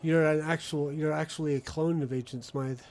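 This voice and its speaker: A man's voice: a little high, fairly even intonation, moderate pace, darkish tone, soft background music. A man hosting a gaming podcast, chatting casually with wry asides while he plays. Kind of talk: casual chat while playing a game.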